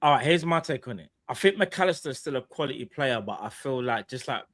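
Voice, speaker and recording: A man's voice: mid-range voice, lively intonation, fast talker, fairly bright tone. A young man co-hosting a casual football podcast, talking in a rambling way full of "like". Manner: rambling, lots of "like" fillers. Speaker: podcast co-host.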